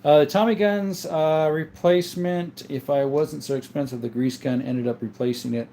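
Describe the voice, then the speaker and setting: A man's voice: a little high, steady tone, normal speed, dark tone, slight background noise. A man from Southern Arizona hosting a casual livestream, reading viewer comments aloud and answering them one by one. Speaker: livestream host.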